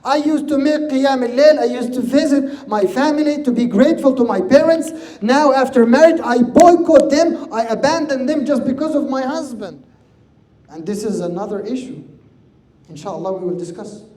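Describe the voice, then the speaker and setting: A man's voice: very high-pitched, normal speed, dark tone. A man giving a religious lecture, earnest and repeating his key words for emphasis. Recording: echoey room.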